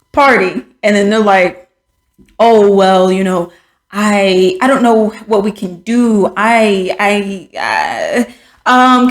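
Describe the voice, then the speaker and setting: A woman hosting a podcast, speaking frankly and with exasperation in casual commentary, with many fillers and restarts. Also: on the high side. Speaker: podcast host. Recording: echoey room.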